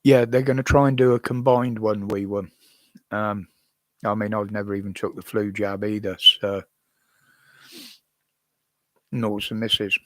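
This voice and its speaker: On a dry recording through a desk mic, an older man from the UK with a British English accent live-streams from home. His lowish voice is flat, a bit bright and a little slow, pausing often, as he rambles through casual answers to viewers and chuckles frequently.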